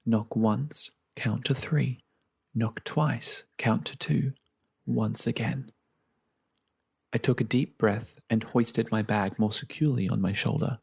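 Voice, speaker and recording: Gravelly man reading a fantasy story. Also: medium pitch, a little mellow. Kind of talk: fiction reading, first person.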